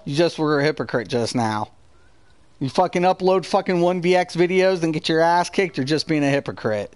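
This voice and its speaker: A man's voice: on the high side, animated, fairly quick, clean tone, no echo. A man hosting a live gaming stream, ranting heatedly and profanely while answering his chat. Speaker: gaming streamer and channel host.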